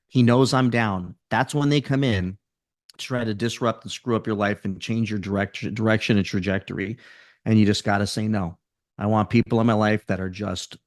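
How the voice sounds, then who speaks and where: A man with a low, deep voice gives an intense, pep-talk style interview as a motivational speaker. The recording is dry and close, with no room sound behind him. He pushes his points hard and keeps the energy driving. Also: no room sound. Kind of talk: podcast interview.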